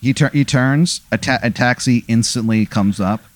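A man spinning an absurd hypothetical in a rambling, deadpan way, with lots of ums and uhs. His voice sits at a middle pitch, and the sound is close and very dry. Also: normal speed, no room sound. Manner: rambling, filler-heavy, deadpan narration. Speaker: host posing a hypothetical. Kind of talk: improvised comedic storytelling.

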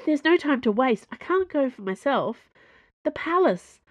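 A woman's voice: sits high, sing-song, a little slow, no echo, muffled recording, voice pushed up. A woman voicing an anxious, loyal man who pleads urgently with his wife.

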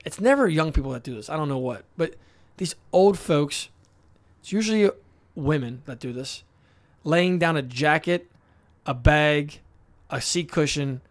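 A young American man co-hosting a tennis podcast, telling stories in a lively, joking way. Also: fairly high pitch. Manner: excitable storyteller, laughs often. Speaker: podcast co-host. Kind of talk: casual sports chat.

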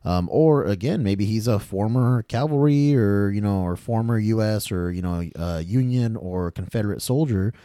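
A man's voice: on the low side, lively intonation, moderate pace, hardly any pauses, mellow, no room sound, studio quality. A man hosting a podcast, chatting casually and rambling a little, in laid-back slang. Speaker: podcast host. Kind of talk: casual movie chat.

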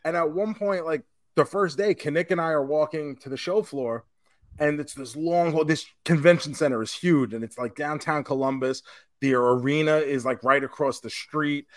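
Swearing occasionally, a man co-hosting a podcast shares a convention story in relaxed conversation. His voice is a little high, at normal speed, in a dry, clean studio recording.

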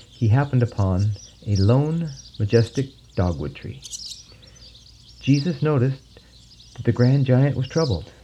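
A man narrating a legend in a measured, solemn storytelling manner, on a dull lo-fi recording with faint birdsong behind. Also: fairly low pitch, warm tone, slight background noise.

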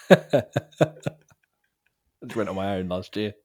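Lively low-voiced man trading jokes. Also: slow pace, husky. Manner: dry jokes, laughs easily. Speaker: podcast co-host. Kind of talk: casual chat.

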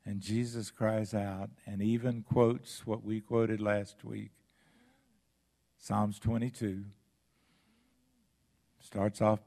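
A man preaching a sermon as pastor, with dramatic swings between loud passages and hushed ones. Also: on the low side, little pitch movement, slow, vocal fry, pauses often.

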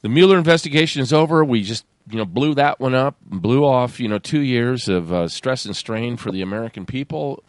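A man's voice: mid-range voice, animated, brisk, hardly any pauses, no echo. A man hosting a talk radio show, reading and commenting in a sarcastic, rambling way with laughs. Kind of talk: casual talk radio monologue.

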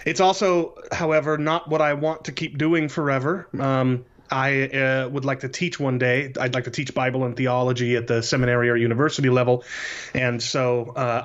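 A man in his late thirties, a podcast guest, telling his life story in a casual interview in an earnest, measured way. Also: mid-range voice. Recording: slightly dull lo-fi audio.

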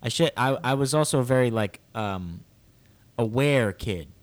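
A man's voice: medium pitch, expressive, moderate pace. A young man co-hosting a casual podcast chat, rambling through stories and acting out wails. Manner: rambling storyteller, acts out childish wails. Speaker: podcast co-host.

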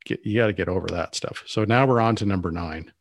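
A man's voice: low-pitched, quick pace, no echo, studio quality. A man co-hosting a business podcast, talking casually and rambling with many restarts and asides. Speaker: podcast co-host.

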